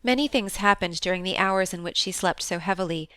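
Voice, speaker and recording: A woman narrates a classic novel in a smooth, clear voice at a mid pitch. She keeps an even, measured storytelling pace, and her reading sounds dry and close to the mic. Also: no room sound. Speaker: audiobook narrator. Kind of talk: scripted narration.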